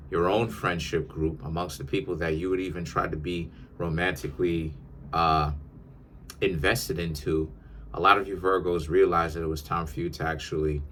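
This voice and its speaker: A man's voice: low-pitched, sharp tone, slight background noise. A man giving a tarot reading in an emphatic, lecturing monologue, often repeating his words. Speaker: tarot reader.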